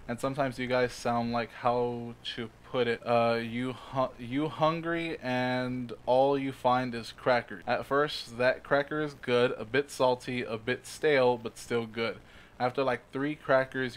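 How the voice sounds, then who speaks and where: A man's voice: medium pitch, a bit bright. A man co-hosting a casual podcast, reading a listener's email aloud with laughs and stumbles. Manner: reads aloud with laughs and restarts.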